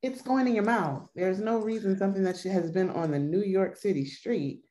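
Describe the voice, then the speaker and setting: A woman's voice: mid-range voice, moderate pace, mellow, rough recording. A woman, a podcast co-host, chatting casually and expressively, with laughs and swearing. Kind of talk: casual chat.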